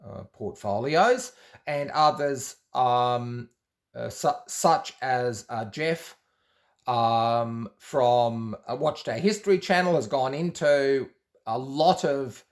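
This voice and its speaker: A man's voice: mid-range voice, slow. A man telling a personal story in a loose, rambling way, with many restarts and quoted exchanges. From Australia. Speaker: former Jehovah's Witness telling his story. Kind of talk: casual storytelling monologue.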